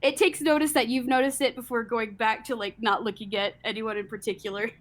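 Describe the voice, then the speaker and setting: A woman's voice: on the high side, fairly even intonation, brisk. A woman casually narrating in a tabletop game, chatty and giggling often.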